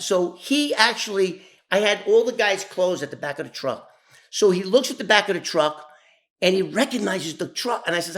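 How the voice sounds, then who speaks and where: A man telling an animated street story, acting out the voices of others and often restarting his sentences. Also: high-pitched, normal speed. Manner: animated, acts out quoted voices, many restarts. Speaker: former mob associate telling his story. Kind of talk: casual spoken storytelling.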